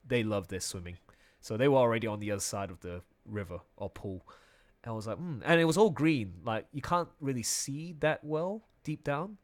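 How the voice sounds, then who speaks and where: Laughing, animated man telling a story. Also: mid-range voice. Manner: animated, laughs often, quick restarts. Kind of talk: casual conversational storytelling.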